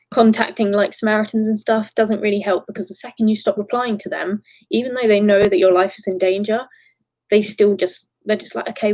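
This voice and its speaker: A woman's voice: medium pitch, darkish tone, rough recording. A young woman, talking frankly and emotionally on a live stream, swearing and laughing nervously between phrases. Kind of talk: candid live-stream talk.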